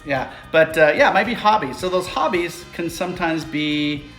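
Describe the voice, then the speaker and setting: A man's voice: fairly high pitch, expressive, moderate pace, a bit bright. A man co-hosting a podcast in casual chat, rambling and joking with lots of fillers. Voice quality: rambling, jokey, many "uh" fillers. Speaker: podcast co-host. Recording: echoey room with faint music.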